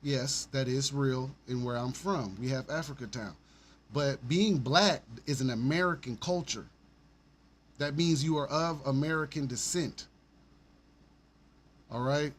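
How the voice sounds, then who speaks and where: A man's voice: medium pitch, measured pace, long pauses. A man from Alabama, hosting a casual livestream and talking bluntly and animatedly, with frequent swearing and laughter. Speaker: stream host.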